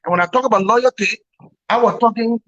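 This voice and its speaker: A man's voice: very high voice, fast, pushed and bright. A man giving emphatic political commentary over a remote call, repeating words and laughing wryly. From Liberia. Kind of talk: opinionated commentary on a talk show. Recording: dull lo-fi call audio.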